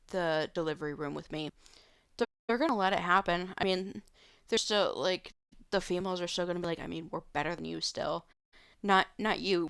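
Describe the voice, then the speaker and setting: Her voice on the low side, a bit bright and clean in tone, a woman streams live from her home room, taking viewer questions. The recording is dry with clean studio sound, and her answers ramble, full of fillers and restarts.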